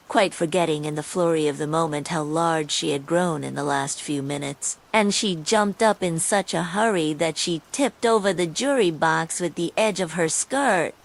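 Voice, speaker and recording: A woman narrating a bedtime story in a slow, calm manner. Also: medium pitch, poor audio.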